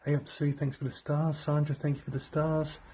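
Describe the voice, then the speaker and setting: A man co-hosting a ghost hunt livestream, talking quietly and greeting viewers one after another inside an old cottage. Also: a little high, flat delivery, brisk, slight background noise. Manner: hushed, rattling off greetings to viewers. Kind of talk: casual livestream chat. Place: old abandoned cottage, indoors.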